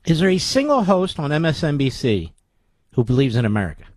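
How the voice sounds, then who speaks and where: A man's voice: fairly high pitch, sing-song, fairly quick, darkish tone, no echo. Sarcastic, combative male radio talk host. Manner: sarcastic, combative, fires rhetorical questions.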